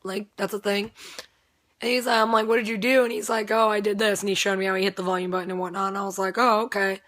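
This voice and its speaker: A woman's voice: mid-range voice, flat delivery, fast talker, a bit bright. A young woman with a strained voice, casually telling a rambling story, swearing freely and laughing often. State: voice strained, not at full strength.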